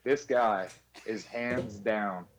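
A man's voice: on the low side, steady tone, extremely slow. A man co-hosting a podcast, swearing freely and telling stories in casual chat. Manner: storytelling, imitates others with a raised voice; swears freely, laughs mid-story. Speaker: podcast co-host.

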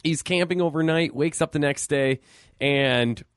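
A man chatting casually about a movie, his voice sitting fairly high. He talks in an animated, profane way, breaking into sudden loud outbursts. The sound is dry and close. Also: unhurried, smooth, no echo. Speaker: podcast co-host. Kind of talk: casual movie recap chat.

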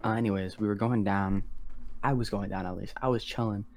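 A teenage boy with a lowish voice, rambling casually through a story with plenty of slang and cursing. He keeps slipping into quick impressions of the people he describes, in a loose, unpolished podcast style. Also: fairly even intonation. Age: teens. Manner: slangy, rambling, heavy on "like" and swearing; acts out quoted voices of others. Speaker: podcast co-host.

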